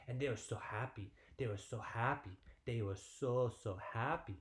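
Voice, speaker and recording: A man, a PE teacher, telling a story to young children in an animated, sing-song way from home. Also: mid-range voice, moderate pace, hardly any pauses, echoey room.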